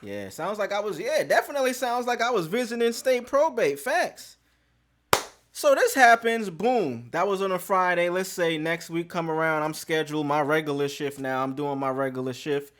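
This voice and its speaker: Animated man telling a story. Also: high-pitched, moderate pace. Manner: animated, profane street slang. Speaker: podcast host. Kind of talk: casual storytelling.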